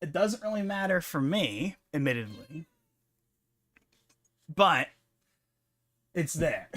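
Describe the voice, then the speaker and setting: Man, slightly high voice, hesitant, thinking aloud, live reaction stream host. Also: fairly bright tone, no room sound, clean studio sound. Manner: musing, hesitant, restarting thoughts.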